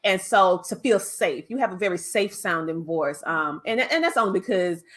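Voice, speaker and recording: A woman podcast host with a Southern US accent, chatting in an excited, effusive way in an interview. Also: on the low side, moderate pace. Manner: excited, effusive, laughs often. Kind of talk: casual interview chat.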